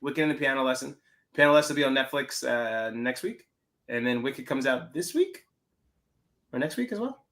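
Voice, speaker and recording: A man's voice: mid-range voice, animated, moderate pace, a bit bright. A man co-hosting a film podcast, chatting casually in a laid-back, rambling way and laughing often. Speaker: podcast co-host. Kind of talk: casual chat.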